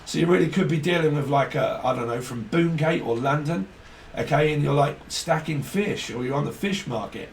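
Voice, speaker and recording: A man's voice: a little high, moderate pace, gravelly, recorded from a distance. A man giving a casual tarot reading, rambling and free-associating with jokes. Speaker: tarot reader. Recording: echoey room, off-mic, faint hiss.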